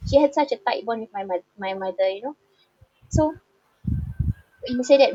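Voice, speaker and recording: A woman tells an emotional personal story. She talks in a halting, heartfelt way. The recording is dry and a little dull. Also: fairly high pitch, dark tone, no echo. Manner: halting and heartfelt, with many repeated fillers. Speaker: bereaved daughter sharing a personal story.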